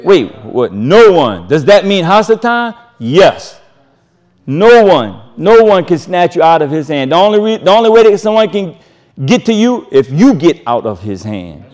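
Brief: man, Bible teacher reading scripture with commentary; emphatic, folksy, repeats key lines, voice a touch high. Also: very animated, moderate pace, a little mellow. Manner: emphatic, repeats key phrases, chuckles between points; casual, folksy phrasing.

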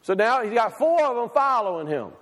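High-voiced preacher in a reverberant hall. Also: male voice, big pitch swings, brisk, fairly bright tone. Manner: rhetorical questions to the congregation, reading scripture aloud. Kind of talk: sermon.

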